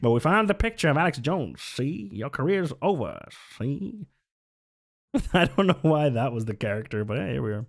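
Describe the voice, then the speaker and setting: A man's voice: mid-range voice, very animated, normal speed, vocal fry. Incredulous man streamer reacting. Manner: incredulous, laughing between remarks. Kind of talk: live-stream reaction commentary.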